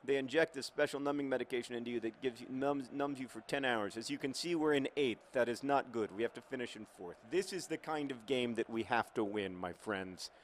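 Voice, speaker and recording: A man's voice: mid-range voice, fairly quick, few pauses, a little hiss or hum. A man hosting a football management game in casual, rambling, wry commentary, his mouth numb after oral surgery.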